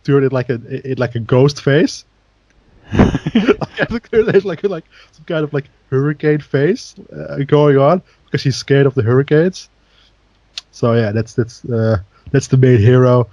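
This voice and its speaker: A man's voice: mid-range voice, mellow, no room sound, lo-fi sound. A man co-hosting a podcast in casual chat, rambling with many fillers and laughing often. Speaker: podcast co-host.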